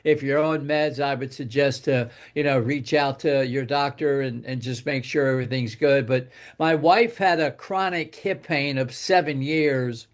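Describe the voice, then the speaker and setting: A man's voice: mid-range voice, steady tone, unhurried, hardly any pauses. An older man telling a long personal story in a casual, rambling way, repeating words and dropping his voice for quoted asides. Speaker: guest speaker telling a testimonial.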